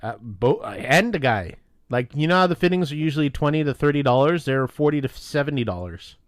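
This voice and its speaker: A man's voice: on the high side, fairly quick, no room sound, clean studio sound. A man co-hosting a podcast, telling a profane workplace story and acting out the dialogue. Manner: animated, profane, acts out dialogue. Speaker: podcast co-host. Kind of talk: casual storytelling with friends.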